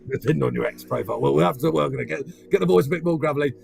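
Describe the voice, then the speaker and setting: A man puts on a gruff football manager with a low, gravelly growl, rumbling like a diesel engine. He grinds through his lines slowly, with a faint music bed playing behind. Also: a little mellow. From Berkshire.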